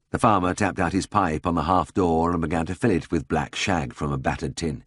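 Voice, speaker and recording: A man narrating a memoir audiobook in a measured, steady storytelling manner. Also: sits low, breathy edge, no room sound, clean studio sound.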